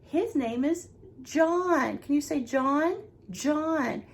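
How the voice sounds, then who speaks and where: Lady teacher, high voice w a bit of fry, slow singsong kid-talk, faint hiss behind. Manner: slow, sing-song, encouraging teacher talk. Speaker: nursery teacher. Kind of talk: teaching a lesson to young children.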